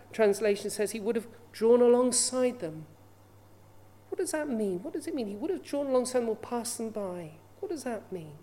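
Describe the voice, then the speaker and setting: A woman's voice: a little high, warm tone. A woman preaching a sermon in an earnest way, often asking her listeners rhetorical questions.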